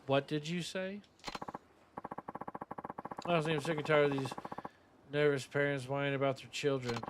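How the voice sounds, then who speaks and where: A man's voice: on the high side, fairly even intonation, moderate pace, background noise, close to an everyday voice. A man reading as a scornful schoolteacher. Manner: reading game subtitles aloud. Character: rude dismissive male schoolteacher.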